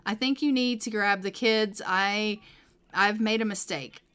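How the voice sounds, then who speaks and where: A worn-out mother at her breaking point in a game story, tired and upset, as a woman speaks her part. The tone stays bright and forceful even as she gives up. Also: medium pitch, a little slow, smooth, close to an everyday voice. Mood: weary.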